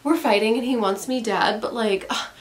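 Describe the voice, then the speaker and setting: A lovestruck young heroine swoons over a dangerous man in a hushed, breathy voice, as a woman mocks her. Her tone sits a little higher and softer than an ordinary speaking voice. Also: normal speed, lightly acted. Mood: mocking swoon.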